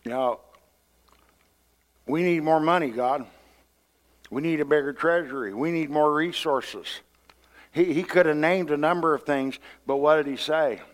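A pastor preaching a sermon in a conversational style, often repeating words and acting out what people say. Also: male voice, a little high, measured pace, pauses often.

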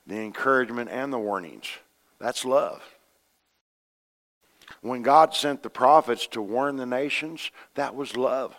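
A middle-aged man, a pastor preaching a sermon, animated, acting out voices in his stories and swinging between loud and soft. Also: mid-range voice. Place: church sanctuary. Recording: long reverb of a church hall.

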